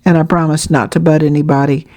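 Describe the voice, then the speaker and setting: A woman's voice: deep voice, flat delivery, fast, mellow. A woman voicing an eager, talkative little boy who runs his words together.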